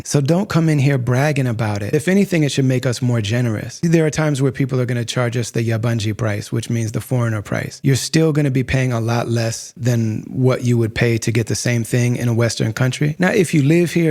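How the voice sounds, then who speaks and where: A man's voice: medium pitch, darkish tone. A man hosting a podcast, giving direct, blunt advice in a conversational monologue, speaking close to the microphone. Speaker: podcast host.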